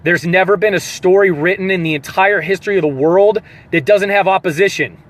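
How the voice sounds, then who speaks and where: Earnest, high-voiced male coach. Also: brisk. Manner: earnest, emotional, repeats phrases for emphasis. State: holding back tears. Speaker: fitness coach. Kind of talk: motivational pep talk.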